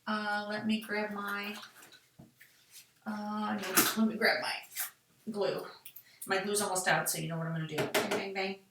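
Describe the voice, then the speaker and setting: A woman's voice: medium pitch, flat delivery, a little slow, long pauses, heavy background noise. Chatty woman in an echoey craft room. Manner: chatty, talks to herself while working. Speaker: card-making tutorial host. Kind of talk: casual craft demonstration. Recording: echoey room, mic at a distance.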